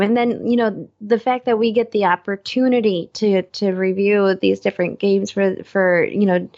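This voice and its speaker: A woman co-hosting and producing a podcast, chatting in a rambling, excitable way and acting out what people said. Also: medium pitch, moderate pace, few pauses, highs cut off. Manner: rambling, excitable storyteller who acts out quotes. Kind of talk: casual chat.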